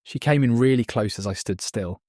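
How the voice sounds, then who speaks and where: A man's voice: medium pitch, brisk, warm tone, no echo, clean studio sound, pitched above the performer's own voice, lightly acted. A man doing a crude ex-footman. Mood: scornful. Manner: blunt and crude. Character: blunt, crude male former palace footman.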